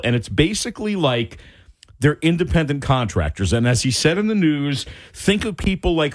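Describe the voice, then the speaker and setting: Radio talk host guy, middle-aged, all over the place pitch-wise, fired up and exasperated. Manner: animated, exasperated ranting. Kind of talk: casual talk radio monologue.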